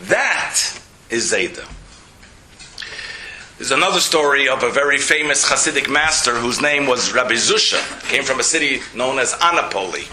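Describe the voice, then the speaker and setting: Rabbi guy telling stories in a lecture, really bright voice, echoey hall. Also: normal speed, slight background noise. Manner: animated storyteller, voices quotes with big pitch jumps. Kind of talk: storytelling lecture. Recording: roomy lecture hall echo.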